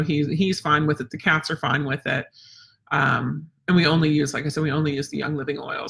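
Chatty bright-voiced woman dog trainer. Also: low voice, vocal fry. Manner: chatty and rambling, with many fillers. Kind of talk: casual live webinar teaching.

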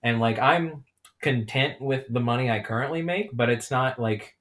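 A man's voice: mid-range voice, moderate pace, fairly bright tone. A young man co-hosting a casual podcast, playful and jokey, talking about doing voices. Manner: playful, jokey, often jumps into silly voices. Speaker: podcast co-host.

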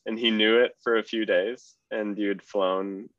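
A man's voice: on the low side, normal speed, dry recording, muffled recording. A man, a cyclist guest, telling a story in casual chat with lots of fillers and laughter. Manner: relaxed, laughs through stories, many fillers.

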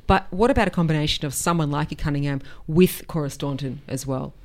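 A woman's voice: deep voice, quick pace. A woman co-hosting a sports podcast, giving opinionated, enthusiastic analysis in casual chat. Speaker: podcast co-host.

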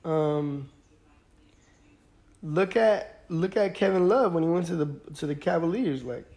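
A man's voice: on the high side, expressive, measured pace, creaky, a little mellow. A young man hosting a podcast, chatting casually about sports in a laid-back, rambling way with lots of fillers. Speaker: podcast host.

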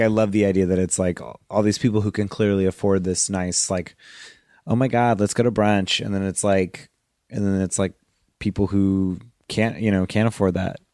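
A man guests on a podcast and talks in long, rambling stretches, dropping "like" into nearly every phrase. His voice sits fairly low. The recording is dry and close. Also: a little mellow, no room sound. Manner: rambling, constant "like" fillers. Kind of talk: casual chat.

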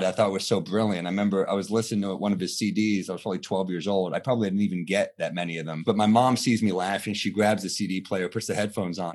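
A man in his thirties, a comedian, chatting in an interview and telling animated stories, acting out quotes in a higher voice. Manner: animated storytelling, acts out quotes with jumps in pitch. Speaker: comedian guest. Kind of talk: casual interview chat.

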